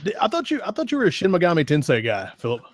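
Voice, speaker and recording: A man's voice: on the high side, wildly swooping pitch, very fast, no room sound. A man co-hosting a casual gaming podcast, rambling with many restarts and fillers. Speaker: podcast co-host. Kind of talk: casual chat.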